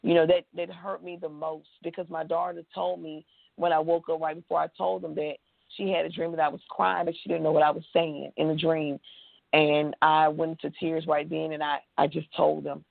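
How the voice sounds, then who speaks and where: A woman's voice: low-pitched, level tone, normal speed, vocal fry, no echo. A woman with a Texan accent, an interview guest, telling her story with feeling and acted-out quotes. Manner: emotional, tells it with acted-out quotes. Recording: tinny phone line.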